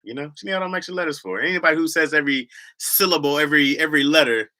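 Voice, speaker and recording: A man's voice: on the high side, racing, bright, forceful tone. A man with a Michigan accent hosting a livestream, chatting casually in a slangy, rambling way and laughing often. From Lansing, Michigan, US. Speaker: livestream host.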